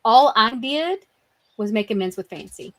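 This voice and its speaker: A woman's voice: a little high, animated, moderate pace. Laughing woman telling stories casually. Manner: laughs often, tells stories by quoting people. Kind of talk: casual livestream chat.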